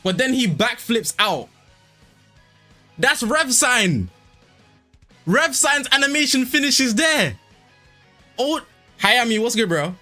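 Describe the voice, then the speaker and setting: Excitable young man streaming a game. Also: very high voice, slow, pauses often. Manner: casual, excitable, slangy. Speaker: gaming streamer. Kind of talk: live game commentary. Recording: stream with game music behind.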